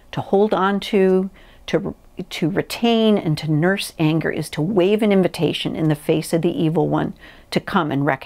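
Woman preacher, sermon, earnest, measured, gravelly, lowish voice. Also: darkish tone. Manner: earnest, measured teaching with pauses.

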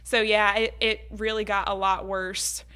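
A woman's voice: mid-range voice, level tone, unhurried, sharp tone, clean tone. A young woman in casual chat, telling a story with frequent fillers and laughs. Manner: chatty storyteller, laughs often, says "like" and "um" a lot.

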